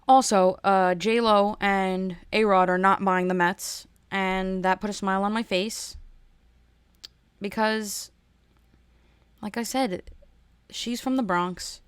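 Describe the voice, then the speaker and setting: Woman podcast host on a solo rant, animated, repeats herself, mid-range voice, dry close sound. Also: mid-range voice, slow, long pauses, clean tone, no echo. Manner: animated ranting, restarts and repeats words.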